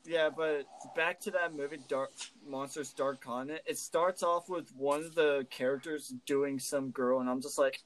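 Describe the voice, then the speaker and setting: A man's voice: on the high side, a little slow, slight background noise, low-quality recording. A man co-hosting a casual podcast chat, swearing freely, laughing often and telling stories with animation. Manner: profane, laughing, animated storytelling. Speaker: co-host.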